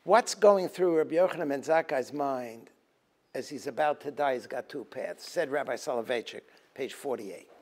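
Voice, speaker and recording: A man's voice: mid-range voice, lively intonation, normal speed, a little mellow, slightly rough. A man, a rabbi giving a Talmud lecture, moving between quoted Hebrew text and emphatic English explanation. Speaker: rabbi teaching a Tisha B'Av program.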